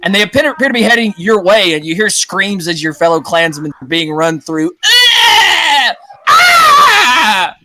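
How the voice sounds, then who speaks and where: A young man acting as game master, narrating a tabletop game in a casual, halting way. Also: high-pitched, sharp tone, dry recording, poor audio.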